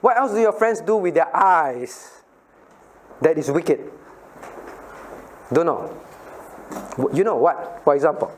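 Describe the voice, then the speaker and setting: A middle-aged pastor teaches children a Bible passage in a bright, high-pitched voice. He keeps firing questions at them, laughs often and acts out little scenes to make his points. A faint hiss sits under the recording. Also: slow pace, pauses often.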